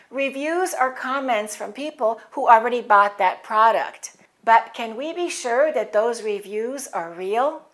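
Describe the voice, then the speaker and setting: Woman ESL teacher, fairly high-pitched, precise deliberate diction. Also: fairly bright tone. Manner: clear, deliberate enunciation with model words for repeating. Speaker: English teacher. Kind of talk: scripted pronunciation lesson.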